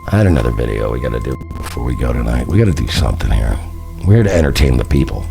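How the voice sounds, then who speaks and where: Lively, profane streamer in his late thirties. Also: rumbling low, vocal fry, soft background music. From New York. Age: late 30s. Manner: profane, rambling, quick to rant. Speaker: livestreamer. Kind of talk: casual livestream chat.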